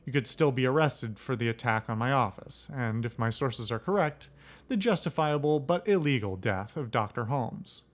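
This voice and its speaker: A formal, cold male corporate executive who measures his words and makes quiet threats, read aloud by a man during a game. The reader keeps a mid-pitched voice. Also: lively intonation, normal speed, natural voice. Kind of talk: reading game dialogue aloud.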